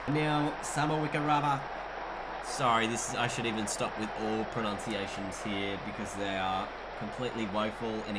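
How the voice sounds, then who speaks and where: An Australian gaming commentator plays a cricket video game while commentating, blending play-by-play calls with excitable asides. His voice is medium-pitched, and the recording is very noisy.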